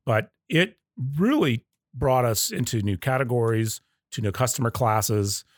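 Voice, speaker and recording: Expressive and a little slow, a medium-pitched male voice belongs to a coffee company leader from the American South, guesting on a casual podcast. He storytells and acts out what customers said, in studio-quality sound with no echo.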